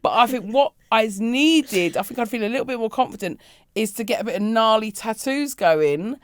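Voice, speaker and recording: A woman's voice: on the high side, normal speed. A woman, chatting casually as a podcast co-host and comedian and acting out the people in her stories. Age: 40s. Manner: animated storytelling, acting out other people's voices. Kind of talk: casual chat.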